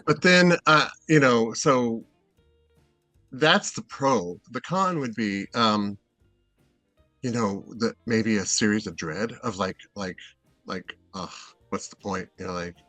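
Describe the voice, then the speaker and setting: A man's voice: medium pitch, takes it slowly, pauses often, bright, forceful tone, dry recording, soft background music. A middle-aged man from Seattle, a guest in a casual interview, rambling and hesitant with many fillers and restarts. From Seattle, USA.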